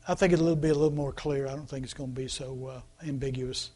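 A man's voice: mid-range voice, flat delivery, a little fast, few pauses, warm tone, husky. A man preaching a sermon in a loose, conversational way, asking the congregation questions and acting out quoted voices. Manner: conversational preaching with rhetorical questions and call-outs; acts out quoted voices mockingly. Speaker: pastor.

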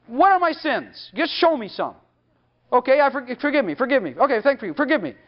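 A man's voice: very high voice, lively intonation, brisk. A man preaching a sermon, emphatic and full of rhetorical questions, at times speaking in God's voice. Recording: dull lo-fi recording.

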